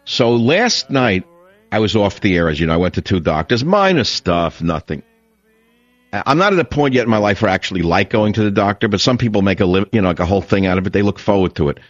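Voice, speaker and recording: A man's voice: fairly low pitch, sing-song, quick pace, lo-fi sound. A man in his sixties hosting a talk radio show, delivering an opinionated monologue in a combative, sarcastic manner full of rhetorical questions.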